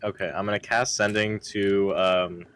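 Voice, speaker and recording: A man's voice: on the low side, little pitch movement, moderate pace, fairly bright tone, a little hiss or hum. A man playing a tabletop game, speaking casually and swearing easily. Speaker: player.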